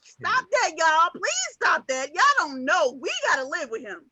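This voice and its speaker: A woman's voice: very high voice, sing-song, normal speed, bright, forceful tone, no echo. Sassy woman teasing on a live show. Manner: sassy, teasing, reads viewer comments aloud. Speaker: co-host reading comments. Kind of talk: casual live-stream chat.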